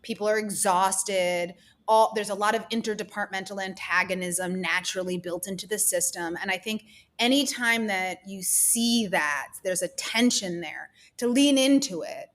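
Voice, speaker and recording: A woman's voice: medium pitch, normal speed, a bit bright. A woman producer as an interview guest, telling stories from film sets in an earnest, chatty way with frequent laughs. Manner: earnest, storytelling, laughs often. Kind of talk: casual interview talk.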